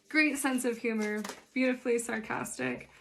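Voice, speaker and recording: A woman's voice: fairly high pitch, fairly even intonation, measured pace, vocal fry, noisy background. Chatty woman giving a tarot reading. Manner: chatty, dry sarcastic humor. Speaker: spiritual life coach and tarot reader. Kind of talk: casual tarot reading vlog.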